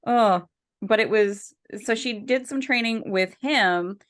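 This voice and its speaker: A woman with a medium-pitched voice speaks slowly while co-hosting a podcast. She chats casually and rambles, using lots of fillers and frequently restarting her sentences.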